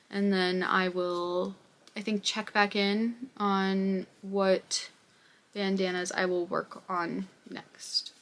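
A woman's voice: medium pitch, fairly bright tone. Young woman, casual crochet vlogger at home, rambling and self-deprecating, mid-range voice. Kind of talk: casual vlog chat.

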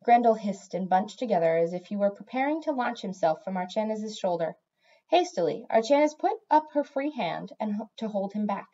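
A woman reading a fantasy novel aloud in expressive storybook narration. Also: mid-range voice, brisk, highs cut off. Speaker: audiobook reader.

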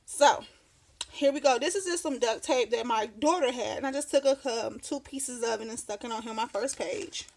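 Slight background noise accompanies this woman's a-little-high voice at a normal speed. In her thirties, she's a craft vlogger at her home desk, chatting casually through a show-and-tell with lots of rambling, frequent laughter, and a hint of breathlessness.

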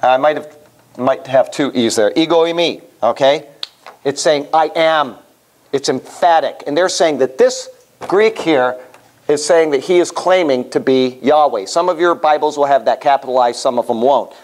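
A man's voice: mid-range voice, normal speed, darkish tone. A man leading a Bible study class in a conversational way, asking the class questions as he teaches. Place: room with a small class.

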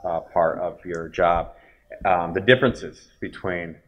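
A man with a very low voice puts hesitant questions to a voice actress, stopping for fillers as he goes. He is picked up dull and from far off the mic. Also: fairly even intonation, unhurried. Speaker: interviewer.

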